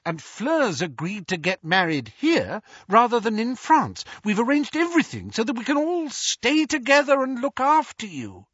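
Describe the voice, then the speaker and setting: A woman's voice: fairly high pitch, wildly swooping pitch, normal speed, few pauses, fairly bright tone, slightly rough, dry recording, muffled recording, voice pushed up, exaggerated voice. A man doing a fussing, pleading motherly witch. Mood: protesting. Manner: pleading, coaxing.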